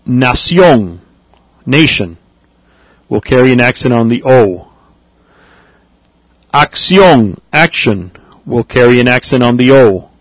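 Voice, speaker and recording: A man teaching a Spanish grammar lesson, patient and deliberate, spelling out words and saying them again. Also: mid-range voice, no echo, low-quality recording.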